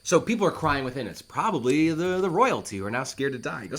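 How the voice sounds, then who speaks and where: A man talks through an old play line by line in a relaxed, conversational teaching manner. His voice sits at a middling pitch but moves in lively swings as he explains. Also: fairly quick, hardly any pauses. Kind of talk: casual educational explanation.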